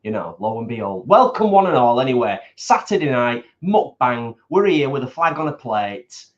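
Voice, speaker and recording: Easygoing male co-host, animated delivery, home live stream, muffled lo-fi sound. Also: mid-range voice, moderate pace. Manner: easygoing, joking asides. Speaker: co-host of a vegan food channel. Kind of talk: casual live-stream chat. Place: home kitchen.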